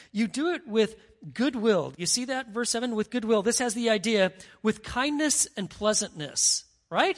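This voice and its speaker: A pastor preaching a sermon in a lively way, acting out everyday scenes and often checking in with the congregation. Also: mid-range voice. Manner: animated, acts out scenes, asks the crowd "right?".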